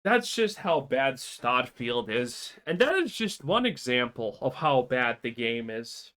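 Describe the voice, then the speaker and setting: A man's voice: mid-range voice, very animated, a little slow, fairly bright tone. A man ranting through a game commentary, profane and exasperated, with many stammered restarts. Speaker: gaming commentator.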